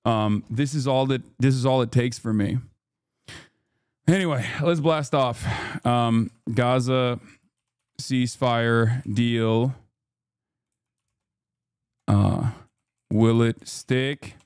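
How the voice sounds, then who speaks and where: A man's voice: medium pitch, steady tone, slow, long pauses, a little mellow, smooth, no room sound, studio quality. A man ranting and swearing through casual livestream commentary as he reacts to chat. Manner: profane, ranting.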